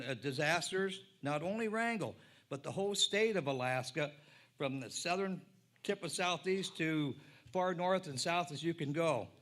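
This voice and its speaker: A plain-spoken man introduces people at a public event, stumbling and repeating words as he goes. His voice sits a little high for a man. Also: a bit bright. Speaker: president of the tribal council. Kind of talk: ceremonial introduction speech. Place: public event before an audience.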